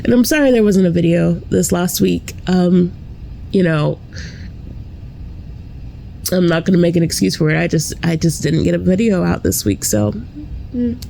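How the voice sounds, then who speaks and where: A woman's voice: lowish voice, moderate pace, vocal fry, pauses often, dark tone, a little hiss or hum. A young woman vlogging casually, rambling and chatty, with frequent laughter between thoughts. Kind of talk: casual vlog chat.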